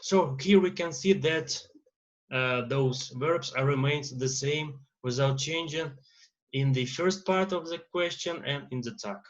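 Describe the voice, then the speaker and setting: A man with a Russian accent teaching an English grammar lesson, pausing often with "uh" fillers. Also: on the high side, dull audio. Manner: lecturing with many uh fillers and pauses.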